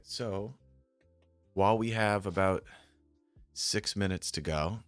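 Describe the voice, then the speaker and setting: On a live stream, a man chats casually while gaming and checking options trades, muttering and swearing whenever something annoys him. His voice is low and creaky with a clean tone, and faint music plays in the background.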